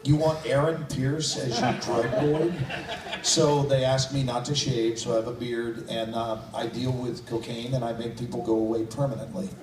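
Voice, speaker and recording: A man's voice: mid-range voice, level tone, moderate pace, crowd noise. A man speaking as a guest actor on a convention panel, joking playfully with the audience. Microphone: phone recording from the audience. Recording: echoey room, distant phone mic, noisy.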